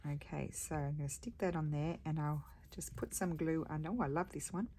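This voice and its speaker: Middle-aged woman, low voice, chatty craft host, faint noise behind. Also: fairly even intonation, fairly quick, dark tone. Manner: chatty, rambling, homely. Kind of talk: casual chat while crafting.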